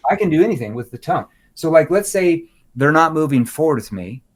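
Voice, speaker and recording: A man gives a podcast interview about selling. He talks in a lively way and keeps slipping into short acted bits of dialogue, swinging between bright and hushed tones. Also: a little high, a little fast. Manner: animated, acts out sample dialogue with shifting tones. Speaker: sales trainer guest.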